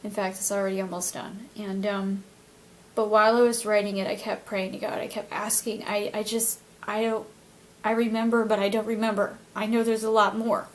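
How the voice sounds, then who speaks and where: A woman's voice: medium pitch, flat delivery, moderate pace. A woman vlogger telling a personal story in an earnest, emotional way, faltering and restarting often.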